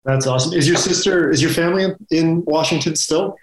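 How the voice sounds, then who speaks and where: A man interviewing a fighter, relaxed and quick to laugh. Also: on the high side, roomy sound, rough recording. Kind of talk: casual interview.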